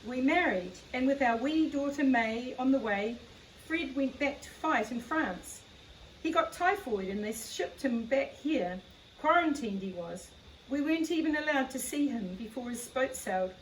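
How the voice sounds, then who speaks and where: A woman's voice: high voice, animated, a little slow, a little hiss or hum. A woman reading as a chatty little Scottish farm wife. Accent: light Scottish. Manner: chatty, warm, homely. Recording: echoey room, far from the mic.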